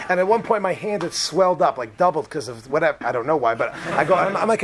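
A man telling a comic personal story in an animated way, acting out the other people in it. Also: on the high side, quick pace, few pauses, crowd noise.

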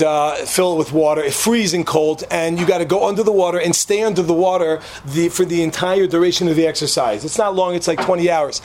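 A man's voice: on the high side, a little hiss or hum. A man telling a humorous story to a live audience, joking and throwing asides to the listeners.

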